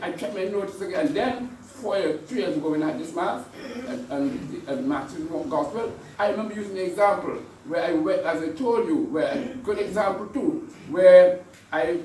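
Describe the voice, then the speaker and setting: A man's voice: sits high, slight background noise. A man, preaching a conversational sermon full of repetitions and rhetorical questions. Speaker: priest. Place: church. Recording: echoey church from far off.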